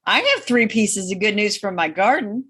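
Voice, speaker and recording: A woman's voice: mid-range voice, sing-song, moderate pace, a bit bright, breathy edge. A woman co-hosting a podcast in casual chat, wry and matter-of-fact. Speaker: podcast co-host.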